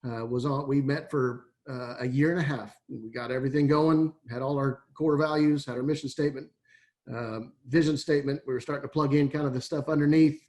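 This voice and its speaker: A man's voice: medium pitch, fairly even intonation, brisk, darkish tone. A middle-aged man from Texas, an athletic director giving a folksy, rambling webinar talk over a video call, full of fillers and restarts. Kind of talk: webinar presentation.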